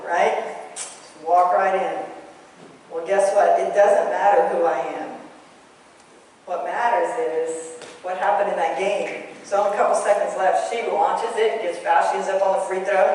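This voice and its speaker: A woman giving a motivational talk on basketball officiating, telling lively stories and turning to the audience. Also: on the low side, a little slow. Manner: storytelling, animated, with asides to the audience. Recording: echoey hall, voice from far off, faint room noise.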